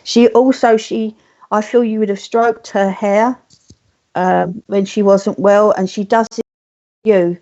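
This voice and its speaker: Soft-spoken lady medium, mellow warm voice, kinda dull lo-fi stream audio. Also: medium pitch, fairly even intonation. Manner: gentle, soothing, relays messages slowly. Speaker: spiritualist medium. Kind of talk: live online mediumship reading.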